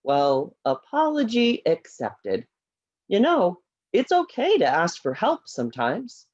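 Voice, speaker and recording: A woman voicing an upbeat, patient puppet friend who works as a teacher, speaking in a cheerful, encouraging and brisk manner. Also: medium pitch, wildly swooping pitch, a little mellow, dull audio, exaggerated voice. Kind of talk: puppet play acting. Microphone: laptop video call.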